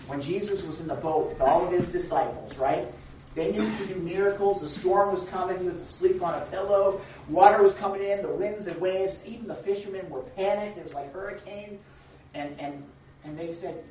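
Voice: mid-range voice, normal speed, warm tone. A Bible study leader speaking to a group in a very echoey church room, heard from a distance through a dull recording with faint hiss. The teaching is casual and conversational, filled with rhetorical questions. Now and then the speaker acts out little scenes with a raised voice.

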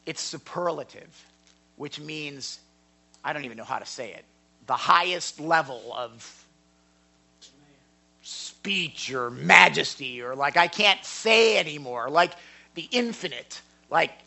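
A man teaching a sermon in a church hall, emphatic and given to repeating words, swinging from quiet to loud. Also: a little high, animated, slow, vocal fry. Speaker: Bible teacher.

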